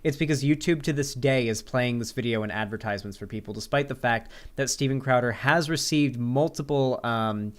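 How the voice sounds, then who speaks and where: A man's voice: mid-range voice, fairly quick, hardly any pauses. Rambling, sarcastic male streamer. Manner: answers viewer chat questions aloud. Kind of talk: casual livestream chat.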